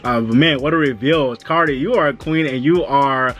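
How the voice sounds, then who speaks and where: A man gives a loose, quick, chatty review of an awards show, slipping into high-pitched voices to act out people's reactions. His tone is a bit bright.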